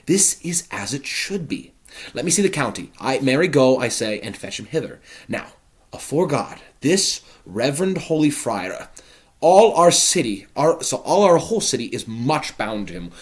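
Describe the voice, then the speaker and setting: A man gives voice to an excitable older nobleman, a father who blusters and commands. His reading lifts high and jumps about, loud and emphatic, in a dramatic verse style. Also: measured pace. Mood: blustering.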